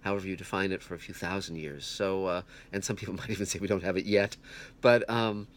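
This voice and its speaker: Earnest man reviewing a film, halting. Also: low voice, steady tone, slight background noise. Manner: halting, many restarts and fillers, earnest. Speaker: film reviewer, channel host. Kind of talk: casual spoken film review. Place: home, puppies heard nearby. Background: puppies growling.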